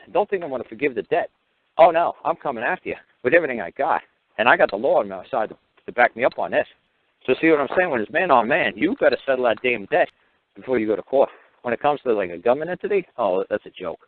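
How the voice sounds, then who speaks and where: Fast, profane radio host on a tinny line. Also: male voice, mid-range voice, sing-song. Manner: profane, heated and rambling. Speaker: call-in radio show host. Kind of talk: blunt radio talk with retold calls. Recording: tinny phone-like line, dry.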